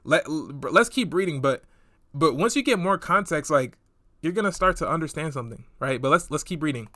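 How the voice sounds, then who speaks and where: A man's voice: fairly high pitch, expressive, a little fast, sharp tone, no echo. A young man giving casual commentary in a slangy, chatty way, often calling the listener bro. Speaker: online commentator.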